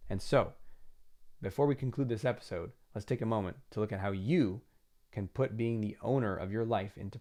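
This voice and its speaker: With a lowish, slightly mellow voice, this confidence coach hosts a self-help podcast. He earnestly coaches the listener directly, putting on inner voices as if quoting them.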